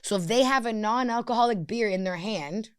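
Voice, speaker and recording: Blunt animated woman podcast guest. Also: fairly high pitch, brisk, clean tone, no echo, clean studio sound. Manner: blunt, animated, swears freely, many "like" fillers. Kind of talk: candid conversational chat.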